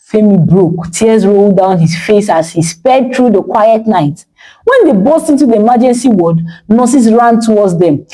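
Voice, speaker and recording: A woman's voice: medium pitch, animated, normal speed, warm tone, poor audio. A woman narrating a dramatic story with emotive delivery.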